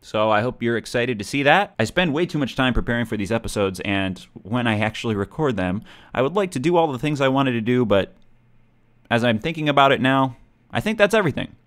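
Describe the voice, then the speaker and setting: A young man talks through his video game session in a loose, rambling way. His voice is smooth and clear at a middle pitch, and he pokes fun at himself as he goes. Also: expressive, brisk. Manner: chatty, rambling, self-deprecating. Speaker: gaming channel host.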